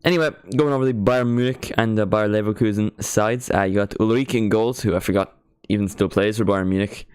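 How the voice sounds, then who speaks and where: A man's voice: fairly low pitch, a little fast, a little mellow, clean tone, dry recording, studio quality. A teenage man from Ireland with an Irish accent, chatting casually and self-mockingly while hosting a football watchalong stream. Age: teens. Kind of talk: casual live-stream chat.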